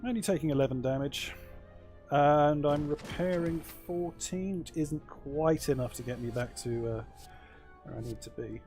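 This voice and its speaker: A man's voice: fairly high pitch, moderate pace, darkish tone. Wry man thinking aloud over a card game. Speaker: let's play host. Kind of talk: casual gameplay commentary. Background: faint game music.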